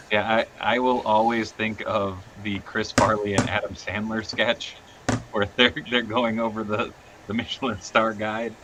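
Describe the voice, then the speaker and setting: A man's voice: on the low side, background noise. A man hosting a casual livestream, chatting and laughing with friends while eating hot sauce on nuggets. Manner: laughing, animated, quick asides. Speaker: stream host.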